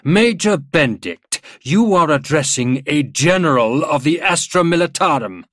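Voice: a man putting on a stern male general. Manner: curt, officious, demanding. Pitch: raised. Volume: loud. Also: expressive, normal speed, no room sound, clean studio sound. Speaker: military general on a vox link.

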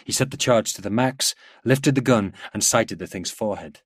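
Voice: man, low and husky. Style: audiobook narration. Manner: steady, measured. Mic: close, dry. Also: dry recording. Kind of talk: audiobook narration of military fiction.

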